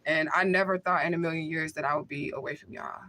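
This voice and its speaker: A woman's voice: deep voice, fairly even intonation, quick pace, sharp tone. A woman talking casually into the camera on a livestream, emotional and blunt, swearing freely and laughing often.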